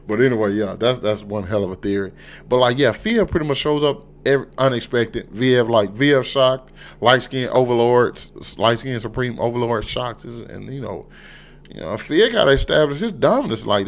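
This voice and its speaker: Man, casual TV review vlog, rambling, profane, mid-pitched voice. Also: lively intonation, moderate pace. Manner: loose, profane, rambling, frequent "you know what I'm saying". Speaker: TV episode reviewer.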